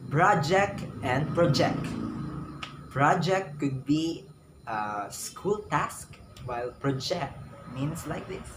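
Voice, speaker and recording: A young Filipino man talks through a grammar lesson at an unhurried pace, going back over his words as he explains. He has a Filipino English accent. The sound is roomy and echoey, with steady noise underneath. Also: medium pitch. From Philippines. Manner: slow, explanatory, repeats words for emphasis. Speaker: student teacher. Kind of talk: classroom lecture. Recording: echoey room with noise behind.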